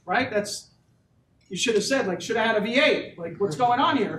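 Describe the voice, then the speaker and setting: A man giving a university economics lecture in a conversational way, often checking in with the audience with quick questions. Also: high voice, animated, fairly bright tone, a little hiss or hum. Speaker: economics professor. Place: lecture hall. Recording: echoey hall, mic from a distance.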